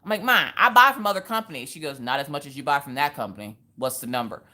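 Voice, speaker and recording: A young woman with a low voice tells a story to her livestream viewers in a loose, chatty way. She acts out each person's lines and drops in Southern slang. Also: expressive, fast talker, pushed and bright. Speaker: craft livestream host.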